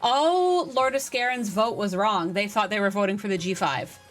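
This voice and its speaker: A woman game streamer chatting casually on a live stream, reading and answering chat with excitable energy. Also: mid-range voice, normal speed, soft background music.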